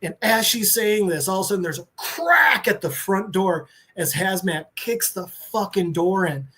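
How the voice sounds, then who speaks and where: A man on a podcast, recapping a comic book story with excitement and swearing, briefly voicing the characters. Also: high-pitched, normal speed. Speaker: podcast co-host.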